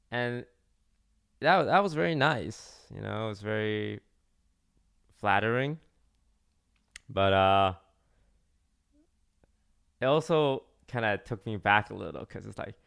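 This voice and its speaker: A man's voice: fairly low pitch, lively intonation, slow, vocal fry, long pauses, a bit bright, clean tone. A young man, a streamer, telling a story in a casual, rambling way with many fillers and restarts.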